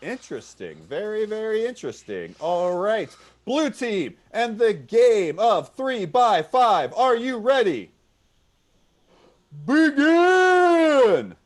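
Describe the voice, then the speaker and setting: A man's voice: sits high, sing-song, unhurried. A man hosting an online improv comedy game, upbeat, repeating the audience suggestions back and calling out the rules over a video call. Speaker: referee and host of an improv show.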